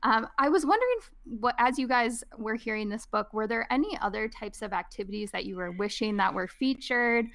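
A woman co-hosting a podcast, reading a picture book aloud and leading a casual discussion in an expressive way. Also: a little high, a little fast, hardly any pauses. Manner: expressive, animated. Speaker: podcast co-host.

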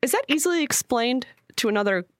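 A young woman co-hosting a laid-back podcast, bouncing her pitch around as she teases her partner and jumps in with quick replies. Her tone is playful and chatty. The recording is dry and close to the mic. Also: lively intonation, no room sound. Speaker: podcast co-host. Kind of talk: casual chat.

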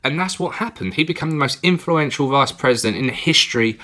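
A man's voice: a little high, expressive, fast, pushed and bright. A man from England co-hosting a podcast, chatting casually and rambling through a film review, with the odd swear word. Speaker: podcast co-host.

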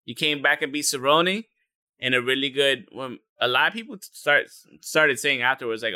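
A man chatting casually on a podcast about fights, rambling and swearing freely, with plenty of filler words. His voice is very bright and forceful, and the recording is dry and close. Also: medium pitch, a little fast, clean tone, dry recording. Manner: loose, profane, rambling with many fillers. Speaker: podcast co-host. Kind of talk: casual sports chat.

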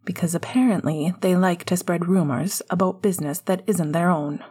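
A woman's voice: on the low side, normal speed, warm tone, breathy edge. A woman voicing a bitter teenage boy wizard in a fan fiction audiobook reading, cold and clipped. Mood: cold angry.

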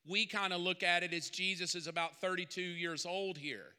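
A man preaches a sermon, easygoing at first and then rising into emphatic, forceful peaks. His voice sits a little high and rings smooth and resonant. Long reverb carries it through a big church hall. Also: moderate pace. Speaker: pastor.

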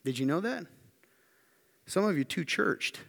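A man's voice: lively intonation, normal speed, gravelly. Emphatic preacher man in a reverberant hall. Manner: emphatic, building to loud high-pitched intensity; repetitive rhetorical questions to the congregation. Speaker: pastor. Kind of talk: sermon. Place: church hall.

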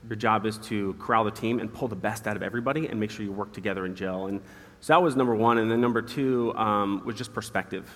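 Fast-talking man in an echoey hall. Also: lowish voice, fairly bright tone. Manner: quick, earnest, laughs at his own stories. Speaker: guest. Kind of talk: candid storytelling interview. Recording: hall reverb.

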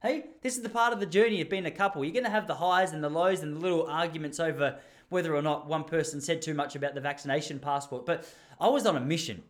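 A man's voice: on the high side, fast. Chatty Australian man telling a story. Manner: chatty, rambling, with restarts and mimicked voices. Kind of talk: casual monologue.

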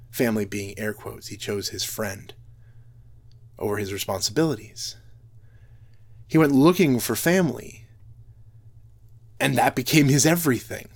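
A man giving a heartfelt, reflective talk at a middle pitch. He often restarts his sentences as he works through his thoughts, and his speaking rate varies. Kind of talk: earnest talk on role-play and Bible reading.

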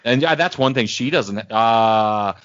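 A man's voice: mid-range voice, a little slow, a bit bright, no echo. A man co-hosting a podcast, telling rambling stories with many fillers in casual chat. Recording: dry, dull lo-fi sound.

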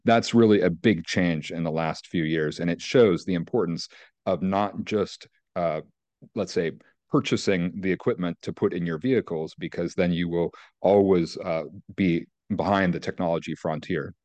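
A man answering as an energy research guest, measured and careful, qualifying his points with frequent hesitations. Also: low-pitched, darkish tone, no room sound. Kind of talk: expert interview answers.

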